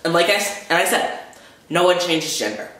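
A young man in a heated, swearing vlog rant, talking fast and full of anger. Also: sits high, sharp tone. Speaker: vlogger. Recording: very echoey room.

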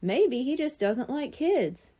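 Easygoing storybook boy, high, lively, read by a woman. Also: slow, husky, full character voice. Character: young boy, a twin.

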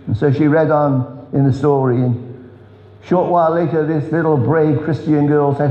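A man preaching an earnest revival sermon, telling stories with emphatic pauses. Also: fairly even intonation. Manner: earnest, storytelling, emphatic drops in pitch. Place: large church hall. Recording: echoey church hall, dull sound.

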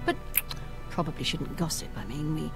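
A woman's voice: deep voice, moderate pace, creaky. A woman voicing a chatty, disapproving innkeeper in a video game who confides gossip about a guest. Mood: gossipy. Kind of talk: game character dialogue. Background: game music.

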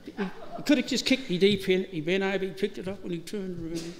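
Speaking quickly in a high voice, a middle-aged Australian man eulogizes someone through funny anecdotes, laughing and playing out the dialogue. The recording comes from a reverberant funeral service hall with faint ambient noise.

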